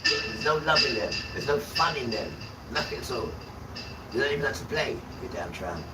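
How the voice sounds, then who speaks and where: A man's voice: mid-range voice, normal speed. A man hosting a livestream, delivering a scolding, sermon-like rant full of repeated insults. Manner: scolding, repetitive, hurls insults. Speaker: livestream host. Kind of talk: ranting sermon-like monologue. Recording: distant mic with loud background noise.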